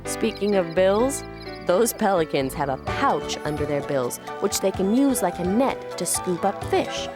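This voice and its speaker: A woman's voice: on the low side, expressive. A woman hosting a children's nature show, eager and curious as she asks questions. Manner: bright, eager and curious, quick to laugh. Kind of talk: upbeat kids' TV presenting. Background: background music.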